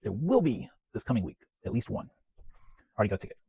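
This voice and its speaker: A man hosting his weekly home-media vlog in a chatty, self-deprecating way, often clearing his throat. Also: lowish voice, big pitch swings, fast talker, mellow, low-quality recording. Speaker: home media collector vlogger. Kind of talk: casual rambling vlog. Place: home, West Coast of the US.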